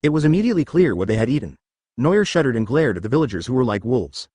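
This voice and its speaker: A man reading a story aloud in scripted audiobook narration, keeping one even voice even for the quoted speech. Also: mid-range voice, fast, dry recording, clean studio sound. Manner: even reading of every line, quoted speech read in the same voice.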